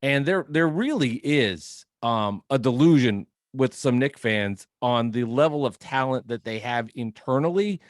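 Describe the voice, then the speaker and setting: A man co-hosting a sports podcast, talking in a measured way with stammered restarts. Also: mid-range voice, expressive, no echo, studio quality. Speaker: podcast co-host.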